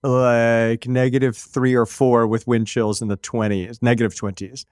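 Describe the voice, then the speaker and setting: A man co-hosting a podcast who chats casually and drops in quick asides. His voice sits at an ordinary pitch, recorded dry and close to the mic. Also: flat delivery, darkish tone, no echo. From Pittsburgh area, USA. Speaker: podcast co-host. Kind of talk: casual chat.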